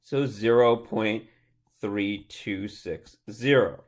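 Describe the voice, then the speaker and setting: A man's voice: lowish voice, slow pace. A man working through a chemistry problem step by step, talking aloud through each calculation as a tutor. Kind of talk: worked-problem lecture.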